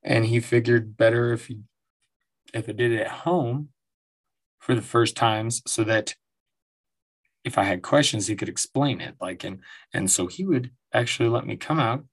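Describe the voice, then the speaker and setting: Gravelly, husky-voiced man rambling casually. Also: medium pitch. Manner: rambling, profane, laughs often. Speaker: podcast host. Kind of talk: casual monologue. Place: at home.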